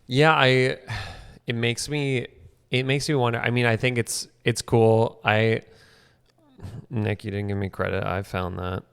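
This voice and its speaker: A man's voice: mid-range voice, fairly even intonation, unhurried, vocal fry, clean tone, big-room sound. A young man co-hosting a podcast in casual chat, joking and self-mocking, often restarting his sentences. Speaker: podcast co-host.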